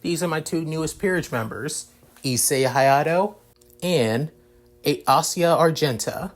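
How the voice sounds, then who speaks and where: Man playing a proud young noblewoman, haughty, commanding, slightly raised pitch, fan storybook reading. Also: unhurried, close to an everyday voice. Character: poised crimson-haired young noblewoman, proud.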